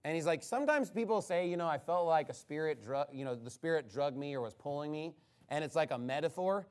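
A man preaching a sermon, retelling a story with mocking, incredulous sarcasm. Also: on the high side.

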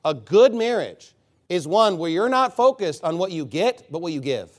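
A man preaching a sermon, reading scripture slowly and then pressing his points with rhetorical questions and repeated phrases. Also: sits high, very animated. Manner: reads scripture slowly and deliberately. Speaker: pastor.

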